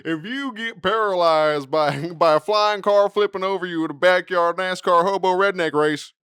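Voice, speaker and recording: A man's voice: high voice, normal speed, smooth, no room sound, studio quality. A young man co-hosting a podcast, chatting casually, agreeing with short replies and acting out quotes in his stories. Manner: laid-back, agrees with "yep", acts out quotes with shouted voices. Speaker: podcast co-host. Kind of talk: casual chat.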